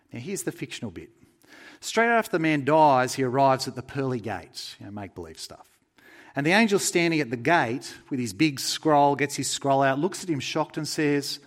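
Earnest male preacher, mid-pitched, conversational sermon delivery that softens in prayer. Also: expressive, moderate pace. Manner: earnest, conversational, drops soft for pleading and prayer.

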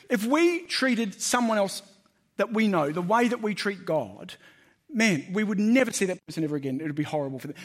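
A man's voice: sits high, breathy edge. A man preaching a sermon, conversational and emphatic, asking the congregation questions.

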